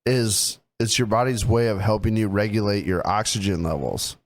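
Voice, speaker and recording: A man's voice: on the low side, moderate pace. A man in his thirties co-hosting a podcast, explaining things loosely and teasing his best friend in casual banter. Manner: teasing, joking, mocks his friend in put-on voices. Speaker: podcast co-host.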